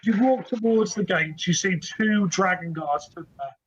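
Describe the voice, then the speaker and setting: A man narrating as game master for a tabletop game, relaxed and chatty. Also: high-pitched, unhurried, muffled recording, a little hiss or hum.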